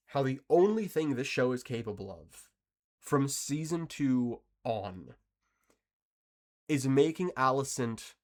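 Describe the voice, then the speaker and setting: A man giving casual, opinionated video commentary, emphatic and sarcastic, with frequent restarts. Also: mid-range voice.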